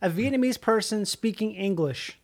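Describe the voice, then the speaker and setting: A speaker joins a loose conversation with playful, absurd riffs and quick interjections. The voice sits in a middle register. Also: mid-range voice. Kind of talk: casual chat.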